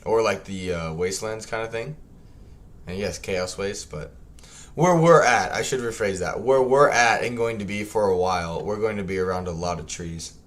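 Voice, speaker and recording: A young gaming streamer plays a strategy game, rambling casually through his livestream commentary with lots of fillers and self-corrections. His voice is fairly low and a little bright, at a normal speed.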